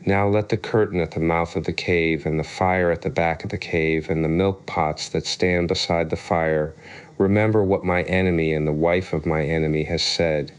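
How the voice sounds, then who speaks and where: A man's voice: sits low, steady tone, moderate pace, smooth, close to an everyday voice. A man voicing a sly, haughty male cat who walks by himself, in a storybook reading.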